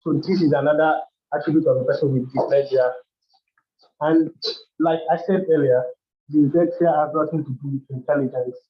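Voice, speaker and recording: Man, educational workshop talk, somewhat high voice, muffled lo-fi audio. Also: fairly even intonation, normal speed, a little hiss or hum. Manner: explanatory, with frequent restarts and "like". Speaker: workshop host. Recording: dull lo-fi sound.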